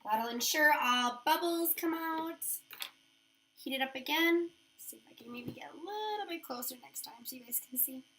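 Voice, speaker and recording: A woman's voice: sits high, moderate pace, fairly bright tone, a little hiss or hum. A woman giving a chatty, upbeat how-to demonstration of nail wraps, talking her steps through as she works. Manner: chatty, upbeat, thinks aloud while working.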